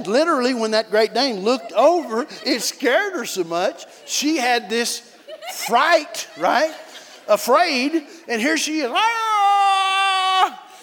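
A man preaching a sermon as pastor, telling a lively story with barking dog imitations. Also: very high-pitched. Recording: long reverb of a large hall.

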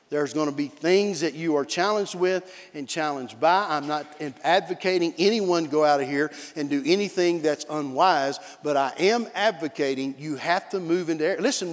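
High-voiced preacher in a reverberant hall. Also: male voice. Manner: animated storytelling with barking dog imitations. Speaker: pastor. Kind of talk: sermon. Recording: long reverb of a large hall.

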